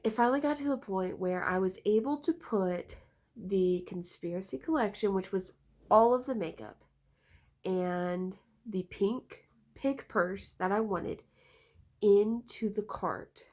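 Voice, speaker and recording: A woman chatting through a storytime vlog at an unhurried pace, her voice sitting in an ordinary middle pitch. She rambles, restarts and leans on fillers, and sounds slightly congested from a cold. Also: darkish tone. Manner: rambling with many fillers and nervous laughs. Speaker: storytime vlogger. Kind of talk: casual storytime chat.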